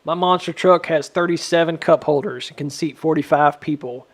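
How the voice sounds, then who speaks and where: Man as a mock ad announcer, half-whispered, slow, gravelly, somewhat high. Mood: boastful. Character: man as smooth luxury monster truck ad announcer. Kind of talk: mock commercial pitch.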